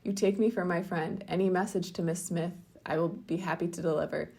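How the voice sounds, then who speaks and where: A woman reading the part of a proud, indignant young lady from a classic novel, in a crisp, formal manner. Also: fairly low pitch, fairly even intonation, a little fast, dark tone.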